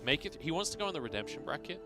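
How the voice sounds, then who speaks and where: A man's voice: a little high, big pitch swings, rapid-fire. A man from England casting an esports match in casual, joking banter with a co-caster. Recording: music bed behind.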